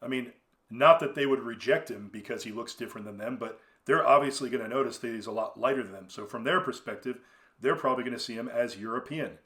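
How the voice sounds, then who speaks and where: Man, podcast host, solo commentary, rambling, conversational, lots of fillers and restarts, mid pitch. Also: fast, a bit bright.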